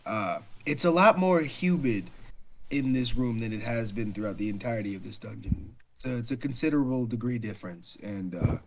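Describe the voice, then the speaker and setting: A man's voice: mid-range voice, lively intonation, moderate pace. A man running a tabletop game as dungeon master, describing scenes with frequent fillers.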